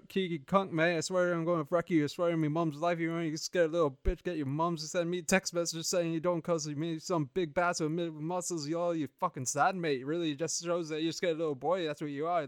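A man's voice: on the high side, no room sound, studio quality, close to an everyday voice. A man voicing a foul-mouthed young British street tough in a put-on Cockney accent, trading aggressive threats and taunts. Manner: aggressive, trash-talking threats.

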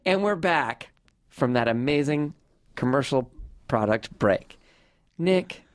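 A man's voice: mid-range voice, animated, slow pace, soft background music. A man from Southern California hosting a podcast, chatty and self-deprecating, saying "like" a lot. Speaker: podcast host. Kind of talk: casual podcast chat.

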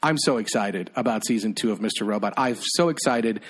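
A man's voice: fairly low pitch, a little fast, slightly rough. A young man co-hosting a TV recap podcast, playful and rambling in casual chat. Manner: playful, rambling, self-correcting. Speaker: podcast co-host.

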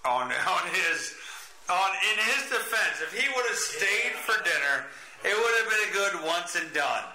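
Young guy podcast host, crude drunk teasing, super bright sharp voice. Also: sits high, lively intonation, unhurried. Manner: crude, loud, teasing, laughs a lot. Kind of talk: drunk casual banter. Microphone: desk mic with screen. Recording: echoey room.

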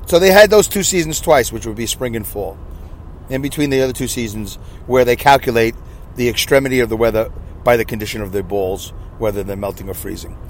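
A man's voice: mid-range voice, a little fast. A man in his sixties with a New York accent, hosting a solo podcast in a jokey, self-deprecating, rambling way. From Brooklyn, New York. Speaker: podcast host.

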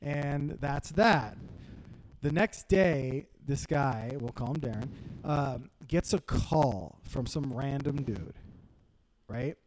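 A man's voice: medium pitch, slow pace, slight background noise, low-quality recording. A man co-hosting a podcast, telling a long story in casual chat with a lot of swearing. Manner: animated storyteller, heavy swearing. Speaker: podcast co-host.

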